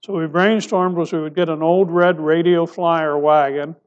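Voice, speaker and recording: A male pastor preaching a sermon, asking rhetorical questions and dropping his voice soft for emphasis. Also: a little high, steady tone, normal speed, smooth, dull audio.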